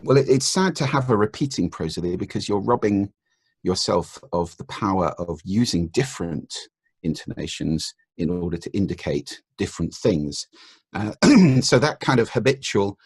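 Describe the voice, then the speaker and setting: A man speaks as an interview guest in a very low register, his voice gravelly with a husky edge. He explains in a measured, patient way and shows intonation with his own voice. The sound is dry and close. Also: expressive, a little mellow, no room sound. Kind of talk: podcast interview.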